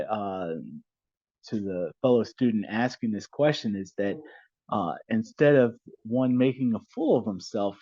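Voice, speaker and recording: A middle-aged man, a maritime attorney and podcast guest, telling blunt, animated stories in casual conversation. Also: lowish voice, no room sound. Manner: blunt, animated anecdote teller. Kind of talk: casual storytelling interview. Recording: dull, slightly lo-fi dry sound.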